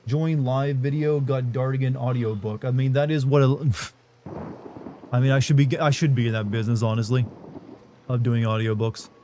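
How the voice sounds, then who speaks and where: A man's voice: medium pitch, fairly even intonation, moderate pace, mellow, slight background noise. A man streaming a game live, chatting with his viewers in a joking way and trying out silly voices. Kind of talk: live gameplay commentary.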